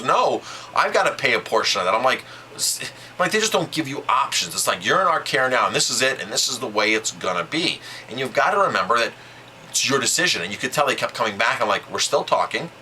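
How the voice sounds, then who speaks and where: A man speaks straight to the camera in a casual, emphatic monologue, retelling what was said with plenty of repetition. His voice is very bright and sharp and swings widely in pitch. A faint steady noise sits under the recording. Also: low-quality recording. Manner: animated and emphatic, retelling conversations with repeats. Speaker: vlogger.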